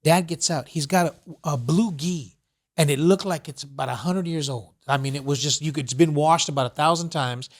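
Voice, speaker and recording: A male podcast host with a fairly high voice rambles through a long story in relaxed, casual conversation. He leans on "you know" and "whatever" as he goes and keeps circling back to his point. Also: brisk. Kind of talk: casual chat.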